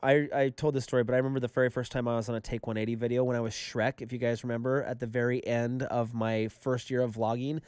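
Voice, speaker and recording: A man co-hosting a casual podcast chat, telling stories in an animated way and acting out what people said. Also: mid-range voice, quick pace, hardly any pauses, smooth, no room sound, studio quality. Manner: animated storyteller, acts out quotes. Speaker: podcast co-host.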